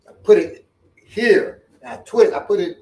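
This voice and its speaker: A man with a notably high speaking voice runs a hands-on self-defense demonstration. He jokes as he goes and often repeats words while showing the moves. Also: moderate pace. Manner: animated, jokey, repeats words.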